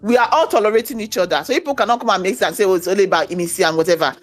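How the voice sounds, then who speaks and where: A woman's voice: medium pitch, very fast, faint music behind. A woman giving a heated, opinionated rant about a reality show. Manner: animated, ranting, quoting others. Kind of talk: casual opinionated chat.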